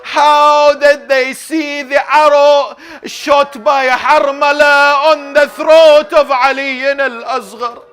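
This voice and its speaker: A male preacher with a very high voice delivers a mourning sermon at a slow, drawn-out pace. He tells grieving stories and works up to cries of lament. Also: level tone, fairly bright tone. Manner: grieving, lamenting storyteller who builds to crying out. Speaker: sheikh preacher. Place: Islamic center hall.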